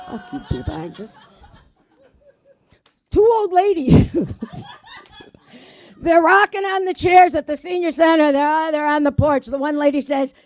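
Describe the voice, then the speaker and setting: A woman's voice: sits high, expressive, normal speed, pauses often, no room sound, studio quality. A woman doing stand-up, telling old jokes in a brash manner and swearing at the audience. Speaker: stand-up comedian. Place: community arts center stage.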